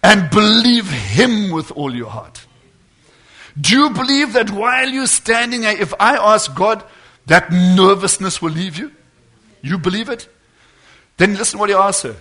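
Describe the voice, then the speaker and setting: A man preaching a sermon, fervent and building to loud exhortation. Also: high-pitched, animated, measured pace.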